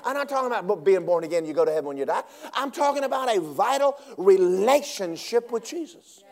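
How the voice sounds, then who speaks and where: A man preaching a sermon, swinging between loud emphatic lines and hushed asides. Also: high voice, expressive, a little fast.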